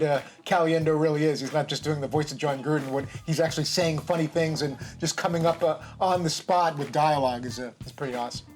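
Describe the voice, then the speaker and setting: A man co-hosting a radio show, praising with enthusiasm in casual chat. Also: a little high. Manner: enthusiastic, full of fillers.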